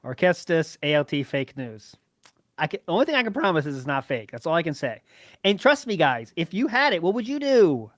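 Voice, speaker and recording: A man hosts a relaxed livestream podcast and reads out chat messages and tips. He laughs easily and rambles a little. His voice is dry and close to the mic. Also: a little high, a little fast, no echo. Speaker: host.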